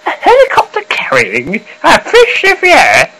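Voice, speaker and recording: A man putting on a shrill, giggly newsreader voice far above his own. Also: wildly swooping pitch, normal speed, sharp tone, exaggerated voice. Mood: silly. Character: squeaky high-voiced amateur male newsreader.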